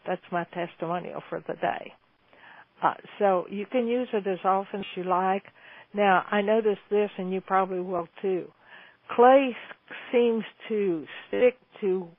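A woman in her seventies hosts a call-in Q&A, talking in a chatty, folksy, enthusiastic way. Her voice comes through a tinny, phone-like line. The sound is dry, with no room echo. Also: mid-range voice. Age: 70s. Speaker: host answering listener questions. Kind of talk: call-in Q&A chat.

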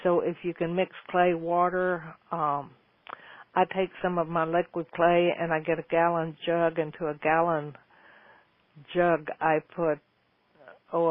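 A man's voice: on the high side, no echo. A man hosting a show, giving casual gardening advice to listener questions in a folksy, rambling way, often restarting his sentences. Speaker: host answering listener questions. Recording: tinny phone-like line, dry.

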